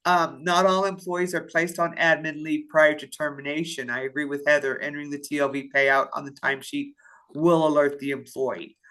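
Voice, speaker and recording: A woman's voice: sits low, fairly even intonation, normal speed, a bit bright. A woman from payroll presenting in a staff webinar, reading out attendee questions and answering them with many fillers and restarts while she has the hiccups.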